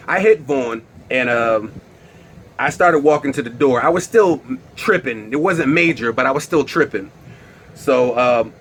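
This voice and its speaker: A young man telling a wild story on his vlog in a casual, animated way, swearing and bursting into loud exclaims. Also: medium pitch, slight background noise. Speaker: vlogger.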